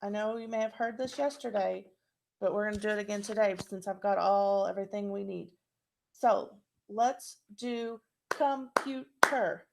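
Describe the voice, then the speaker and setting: A woman's voice: medium pitch, moderate pace, gravelly, noisy background. A woman teacher giving a recorded phonics lesson to young children, spelling words out letter by letter and clapping out syllables.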